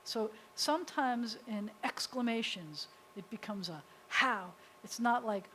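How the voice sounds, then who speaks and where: An American woman, a rabbi, teaching a beginners' Hebrew class in a lively, chatty way. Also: mid-range voice, normal speed, hardly any pauses, rough recording. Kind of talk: classroom lesson. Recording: faint hiss.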